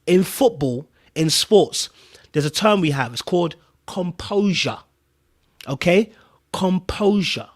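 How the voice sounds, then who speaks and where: Man, podcast host, slightly high-pitched, emphatic and repetitive, casual commentary. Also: animated, slow pace. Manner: emphatic, repeats points, keeps checking in with "right?".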